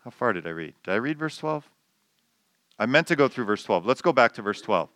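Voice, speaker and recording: Guy preaching a sermon, bright forceful voice, dry close sound, gets loud acting out the lines. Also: mid-range voice, a little fast, no room sound. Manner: animated, reads scripture aloud and acts out the shouting. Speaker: pastor.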